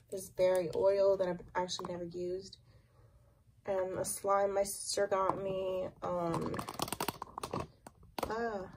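Young woman beauty vlogger, unhurried rambling chatter, home recording with audible noise. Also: medium pitch. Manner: chatty, rambling, lots of fillers and likes. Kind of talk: casual makeup collection tour.

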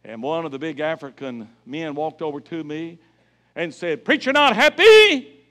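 A middle-aged man preaching an evangelistic sermon as a guest evangelist in a church, telling stories with emphasis and building to loud exclamations. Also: a little high, normal speed. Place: church sanctuary.

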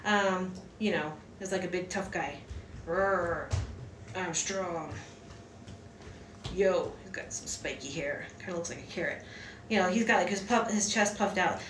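Talking fairly quickly with hardly any pauses, a hand-lettering teacher with a lowish voice is recorded from a distance, with a little hiss or hum. Her lesson at home is loose and chatty, packed with fillers and restarts, and her off-mic voice echoes in the room.

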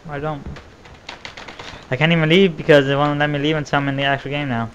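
A young man giving gameplay commentary, swearing and raging with outbursts that jump loud and high. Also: little pitch movement, fast, lo-fi sound, a little hiss or hum. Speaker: gaming channel host.

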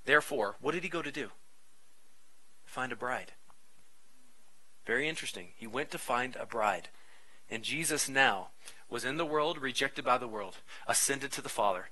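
A man in his thirties, a pastor preaching a sermon in a conversational, animated way with frequent asides. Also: medium pitch, moderate pace, pauses often, low-quality recording.

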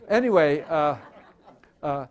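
A man's voice: a little high, animated, slow pace. Older man in his eighties, rambling and irreverent, stammered restarts, live museum talk. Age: 80s. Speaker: photographer speaking at a museum talk. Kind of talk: live talk with audience questions. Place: museum auditorium before a live audience.

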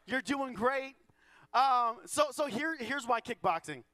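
A man in his thirties preaches a light-hearted sermon, poking fun at himself and acting out the people in his stories. His voice sits very high and is smooth and ringing. The sound is close and dry, with no room echo. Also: expressive, a little slow, sharp tone. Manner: joking, self-deprecating, acts out quoted voices. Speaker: pastor. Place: church auditorium.

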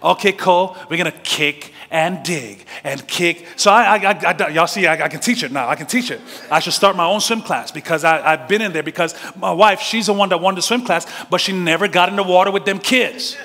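Pastor: male, slightly high, forceful bright tone, animated storytelling sermon. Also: quick pace, hardly any pauses, big-room sound. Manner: animated storytelling with laughs and direct questions to the congregation. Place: church sanctuary.

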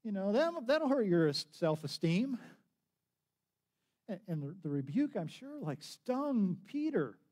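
A man's voice: sits high, big pitch swings, takes it slowly, warm tone. A man preaching a sermon as pastor, telling a story conversationally, with frequent restarts and acted-out quotes.

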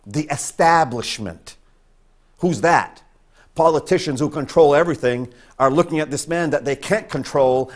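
Emphatic pastor with a higher voice. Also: male voice. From northern Maine, US. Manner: emphatic, repeats his points for stress. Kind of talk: sermon.

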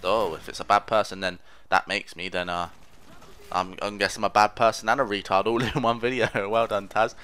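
A man's voice: fairly low pitch, flat delivery, a little fast, sharp tone, smooth. A man giving casual commentary over his own gameplay, rambling, mocking himself and trash-talking opponents. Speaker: gaming commentator.

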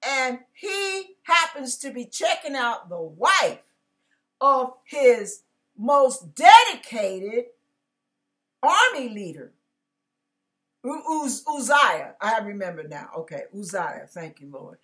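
A woman's voice: on the high side, very animated, takes it slowly, fairly bright tone. A woman pastor giving a casual, conversational sermon, acting out biblical characters and dropping slangy asides.

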